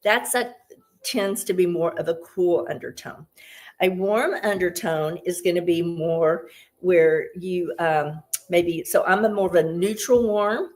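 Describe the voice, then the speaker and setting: A woman giving a casual, upbeat beauty tutorial as a consultant, chatty and explaining step by step, a little out of breath. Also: on the low side.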